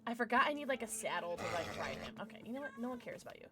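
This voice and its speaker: A woman's voice: on the high side, very animated, very fast, over music. A young woman streaming a video game, chatting casually and breaking into squealing baby talk with her pets. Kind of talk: casual gameplay livestream chat.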